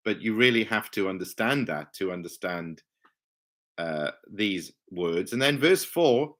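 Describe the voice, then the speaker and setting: A man preaching a Bible study sermon, teaching slowly and emphatically and letting his pitch swing widely on key words. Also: expressive, a bit bright.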